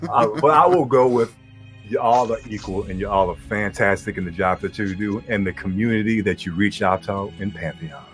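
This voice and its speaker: A man, slightly low-pitched, chatting casually and at length. He talks in a relaxed, slangy, rambling way as a guest. Faint music plays underneath. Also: fairly quick. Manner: laid-back, rambling, slangy. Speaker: guest, guild leader. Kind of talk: casual podcast interview.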